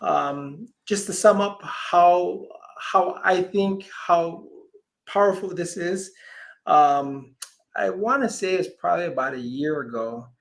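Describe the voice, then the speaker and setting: A man's voice: high-pitched, takes it slowly, creaky. A man, a healer guest on an interview show, telling a long personal story and acting out the voices of the people in it, sometimes dropping almost to a whisper. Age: adult parent. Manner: animated storyteller, acts out quoted voices, drops to near whispers.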